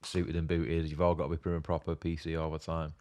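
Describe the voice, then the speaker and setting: A young man co-hosting a casual podcast, chatty and quick, often laughing and filling his speech with "like". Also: rumbling low, completely flat delivery, warm tone. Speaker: podcast co-host. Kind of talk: casual chat.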